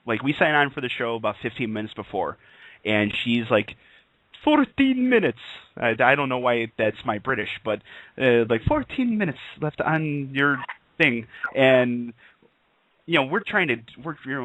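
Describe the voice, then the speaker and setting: A man's voice: medium pitch, bright, forceful tone, dry recording, poor audio. A man co-hosting an online radio talk show, chatting casually and rambling with laughs. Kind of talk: casual chat.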